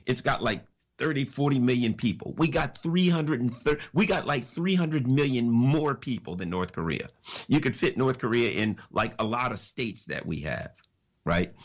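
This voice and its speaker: A man with a husky, slightly raspy voice speaks as a guest on a radio show. His delivery is animated and preachy, with pitch that rises and falls widely. He throws out rhetorical questions and repeats his lines for emphasis. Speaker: political analyst guest. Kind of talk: impassioned radio commentary.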